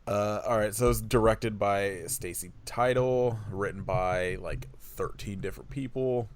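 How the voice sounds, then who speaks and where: A man's voice: lowish voice, a little slow. A man co-hosting a podcast, chatting loosely about a film with dry sarcasm. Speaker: podcast co-host. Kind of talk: casual film-review chat.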